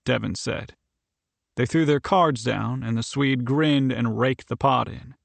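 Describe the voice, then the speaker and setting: Male audiobook narrator, gravelly texture, dry close recording, measured reading. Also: mid-range voice, no echo. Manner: even, measured storytelling. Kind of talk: scripted narration.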